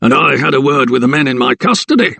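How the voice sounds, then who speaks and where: A man voicing a broad, mean prison keeper in an audiobook, with a gruff, barking, sneering manner. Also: medium pitch, animated, fast, bright, forceful tone, dry recording, full character voice. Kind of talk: audiobook character voice.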